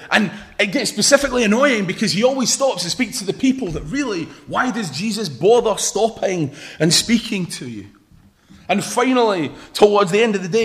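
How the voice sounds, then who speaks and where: A young man preaching a sermon in an informal, joking way, telling a story to the congregation. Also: sits high. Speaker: pastor.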